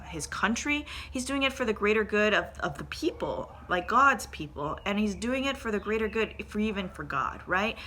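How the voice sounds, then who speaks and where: Bright-voiced woman giving a devotional. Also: mid-range voice, slight background noise. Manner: earnest, conversational, asks rhetorical questions. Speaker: church devotional speaker. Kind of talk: devotional talk with scripture reading.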